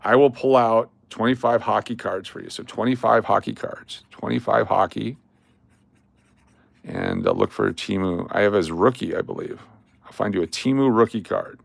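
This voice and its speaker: A man's voice: lowish voice, very animated, normal speed, gravelly, dry recording. An older man hosting a casual livestream, rattling off lists of cards and chatting to viewers. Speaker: livestream host.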